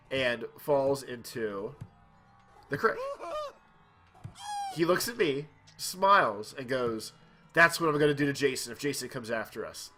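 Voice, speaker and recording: Young man, let's-play host, casual rambling storytelling, mid pitch, faint music under. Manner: rambling, animated anecdote with quoted voices. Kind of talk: casual storytelling over gameplay.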